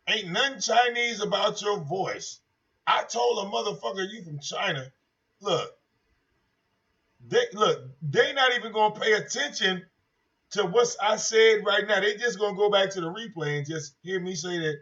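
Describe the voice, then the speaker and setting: A high-voiced man holds forth on his own livestream in a brash, profane and mocking way, circling back over the same points. His voice comes through dull, lo-fi stream audio. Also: moderate pace, a bit bright. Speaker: livestream host. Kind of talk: casual livestream rant.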